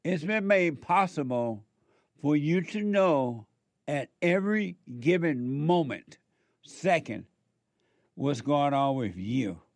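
A man giving a preachy spoken monologue, repeating rhetorical questions and pausing for answers. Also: a little high, lively intonation, no echo. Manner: acts out quoted back-and-forth dialogue. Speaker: speaker addressing listeners.

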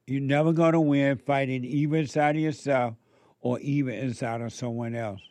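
A man's voice: medium pitch, steady tone, moderate pace, mellow, dry recording. A man preaching a spiritual sermon, emphatic and repetitive, firing rhetorical questions at his listeners.

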